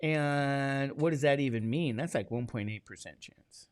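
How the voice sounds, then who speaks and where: A man's voice: medium pitch, moderate pace, clear, resonant tone, no echo. A man teaching a classroom lecture, chatty and digressive, asking the class questions as he goes.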